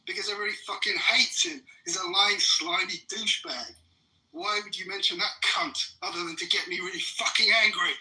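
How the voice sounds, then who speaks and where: A man tears into his opponent in a furious, swear-laden rant. His tone is sharp and cutting, sitting a touch high. He argues relentlessly in a heated live debate. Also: a little fast, low-quality recording. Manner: furious, profane ranting. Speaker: debate participant.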